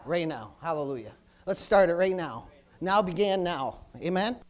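A middle-aged man, preaching a sermon with call-and-response, repeated hallelujahs, and swings from loud exclamations to soft asides. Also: high-pitched, animated, moderate pace.

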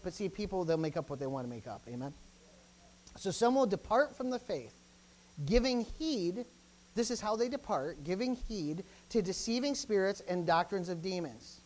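A man's voice: moderate pace, poor audio. A man preaching a sermon as pastor, emphatic and repetitive, often calling out interjections between points. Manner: lively, swinging between loud bursts and low asides.

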